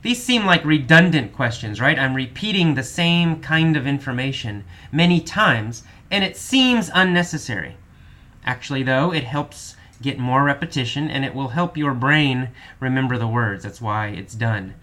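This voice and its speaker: Man with a bright voice explaining vocabulary. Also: medium pitch, animated. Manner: slow, patient explanations with frequent repetition and fillers. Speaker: English teacher. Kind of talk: vocabulary lesson, explaining word meanings.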